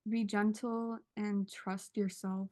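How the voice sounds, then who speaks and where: A woman guest on a video call sharing a heartfelt testimony, emotional and earnest, pausing as she searches for words. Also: mid-range voice, little pitch movement, a little mellow.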